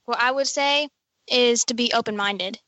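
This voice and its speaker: A teenage girl with a high, bright voice speaks frankly and directly. The sound is close and dry. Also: moderate pace, dry recording. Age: teens. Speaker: high school student guest.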